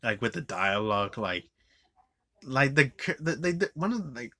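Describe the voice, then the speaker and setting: A man's voice: medium pitch, expressive, moderate pace, bright, forceful tone. Swearing man ranting about a movie. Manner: rambling with constant "like" fillers and restarts; swears often, scornful. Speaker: movie reviewer. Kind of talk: profane ranting movie review.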